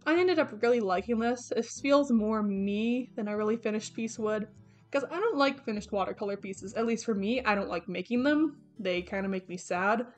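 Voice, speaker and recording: A young woman with a slightly high voice rambles casually as she talks through her sketchbook pages. She chatters along with frequent fillers and restarts, and soft game music plays faintly underneath. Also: moderate pace. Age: young adult. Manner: chatty, rambling, lots of fillers and self-corrections. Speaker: artist vlogger. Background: background game music.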